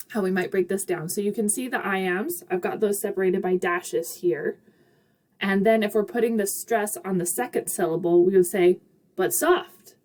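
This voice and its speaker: A woman's voice: medium pitch, a little mellow. A woman teaching a recorded literature lecture in a chatty, upbeat way, with casual asides and frequent fillers. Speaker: literature instructor.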